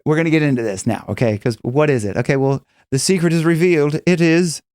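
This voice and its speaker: A man's voice: fairly high pitch, fast, a little mellow, no echo, clean studio sound. A man teaching singing in a casual, rambling way, with many restarts and demonstrations. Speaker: vocal coach.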